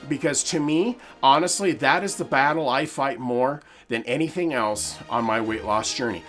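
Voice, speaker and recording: A man's voice: mid-range voice, moderate pace, fairly bright tone, soft background music. A man in his forties hosting a podcast, talking earnestly and emphatically in a personal monologue, with frequent restarts. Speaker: podcast host.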